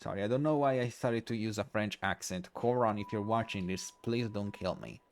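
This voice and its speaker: Low-voiced man streaming a game. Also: fairly quick, slight background noise. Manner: casual, reads on-screen text aloud with stumbles. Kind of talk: live game playthrough.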